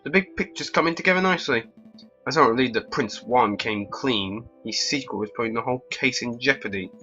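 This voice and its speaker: A man reads and comments through a game in a wry, deadpan way. His voice is mellow and warm, at a middle pitch. The recording sounds dull and lo-fi, with faint music behind. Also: a little fast. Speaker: let's play host. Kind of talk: casual game commentary and reading.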